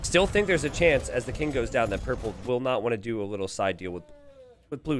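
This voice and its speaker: A man's voice: mid-range voice, fairly quick, faint music behind. A man commentating a strategy game live on stream and reading the chat aloud. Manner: animated, reads viewer chat aloud.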